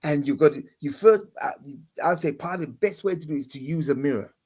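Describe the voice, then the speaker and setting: A man speaks as a guest pastor in a relaxed panel chat. His voice sits a little high. He stumbles and restarts often, and now and then he sings out a note to make a point. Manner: halting, many restarts, demonstrates voices and chants. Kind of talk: conversational explanation on a panel.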